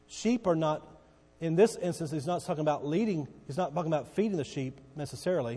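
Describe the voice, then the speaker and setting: A man's voice: on the high side, animated, fast talker, dark tone, slightly rough. A man pastor preaching a sermon, emphatic and repeating key words, often checking in with his congregation. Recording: long reverb of a large hall.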